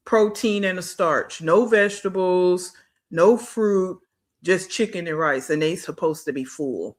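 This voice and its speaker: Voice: medium pitch, moderate pace. A reaction channel host giving blunt, scolding commentary and talking back at a clip.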